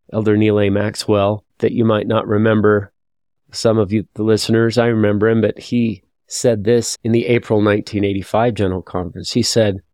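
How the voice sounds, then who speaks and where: A man's voice: lowish voice, darkish tone, dry recording, clean studio sound. A man teaching a scripture lesson, reading verses aloud and reflecting in a confessional, thoughtful way.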